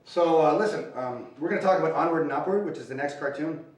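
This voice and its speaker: A man's voice: fairly high pitch, quick pace, slight background noise. Guy hosting, chatty and upbeat, talking to fans, big echo, mic far off. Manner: upbeat, informal, addresses fans directly. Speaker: host. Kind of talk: casual introduction to camera. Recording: roomy, distant mic.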